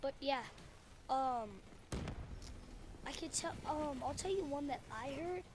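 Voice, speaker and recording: A woman's voice: high-pitched, lively intonation, slow, background noise. A woman telling a story casually to camera, rambling and full of ums and self-corrections, on a headset mic. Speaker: video creator.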